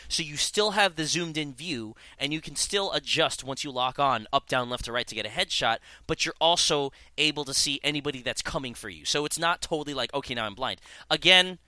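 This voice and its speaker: Bright-voiced young man rambling about games. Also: fairly high pitch, fairly quick, few pauses, no echo. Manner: rambling, many fillers and restarts. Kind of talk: casual chat.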